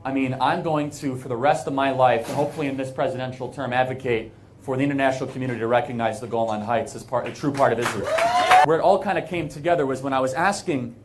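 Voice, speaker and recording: A man's voice: medium pitch, quick pace, noisy background. Earnest American man giving a speech. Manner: earnest and emphatic, with frequent fillers and restarts. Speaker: guest speaker at an event. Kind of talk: speech to a live audience.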